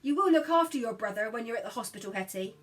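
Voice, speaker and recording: A woman voicing a rough but loving countryside mother in a storybook reading. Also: fairly high pitch, expressive, quick pace, fairly bright tone, recorded from a distance. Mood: earnest.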